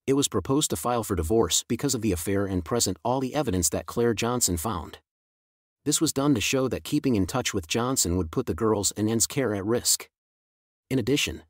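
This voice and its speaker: A middle-aged man gives a scripted first-person story narration. His low voice stays even and steady throughout. The recording is dry and close. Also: no echo.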